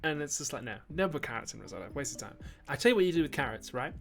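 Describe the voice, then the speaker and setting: A man's voice: mid-range voice, very animated, very fast, gravelly. Geordie guy rambling through a live stream chat, lots of ums, faint music behind. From Newcastle, northern England. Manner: rambling, many fillers and restarts, bursts of mock outrage. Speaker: YouTube host on a livestream. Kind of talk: casual live-stream chat reading super chats.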